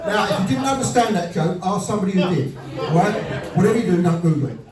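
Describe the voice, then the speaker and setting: A man in his fifties doing a stand-up comedy set, with blunt, deadpan storytelling and crude punchlines, recorded at a live venue with audience laughter behind him. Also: high voice, fast, crowd noise. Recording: roomy live venue sound from a distance.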